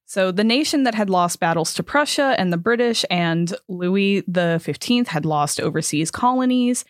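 A woman's voice: medium pitch, lively intonation, moderate pace, no echo, studio quality. A young woman co-hosting a podcast, chatting casually, swearing and laughing, and stumbling over words as she reads out a story. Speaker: podcast co-host. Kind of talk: casual chat, reading out a story.

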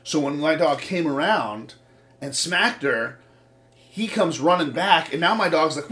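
A man with a voice on the high side, talking at normal speed, tells stories in casual chat. He swears a lot and animates his tales by acting out quoted voices.

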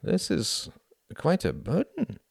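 A man's voice: fairly high pitch, huge pitch swings, takes it slowly, gravelly, breathy edge, no echo, studio quality, pitched above the performer's own voice, exaggerated voice. A man reading aloud and voicing a young German man who questions his friend in a frank, amused, probing way.

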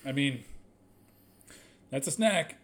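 A man's voice: mid-range voice, lively intonation, slow, slight background noise. A man co-hosting a podcast in casual banter, joking and teasing with frequent laughs. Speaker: podcast co-host.

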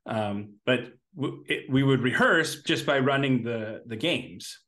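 A man's voice: mid-range voice, lively intonation, takes it slowly, a bit bright. Male co-host, casual storyteller, filler-heavy, mid-range voice. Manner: rambling, many fillers and restarts, laughs while telling stories. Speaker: podcast co-host.

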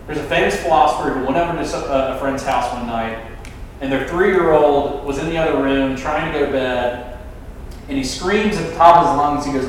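A man delivers a sermon as a campus minister, with animated, chatty phrasing. His voice sits a little high for a man and carries a long, booming echo from a distant mic in a big hall, with faint room ambience behind it. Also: brisk, slight background noise. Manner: animated, conversational, many fillers.

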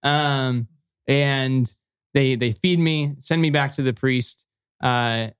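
A man, a podcast guest, telling a story in a casual, lively way and often acting out other people's lines. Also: medium pitch, takes it slowly, clean tone, dull audio. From United States.

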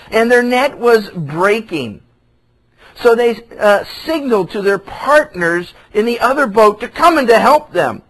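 A pastor teaching a sermon through a Bible passage, retelling the scripture in everyday, conversational speech. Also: male voice, high-pitched, a bit bright, low-quality recording.

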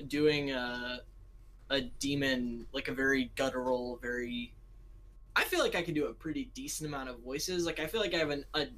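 A man's voice: medium pitch, moderate pace, fairly bright tone, poor audio. A young American man co-hosting a casual podcast, rambling and self-deprecating as he chats and laughs often. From United States. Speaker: podcast co-host. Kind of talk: casual chat.

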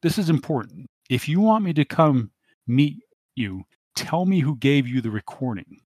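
A tough young woman police cadet, voiced by a male game master, sharp and icy. She speaks in his own range, clipped and cold. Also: mid-range voice, very animated, moderate pace, no room sound, voice pushed up.

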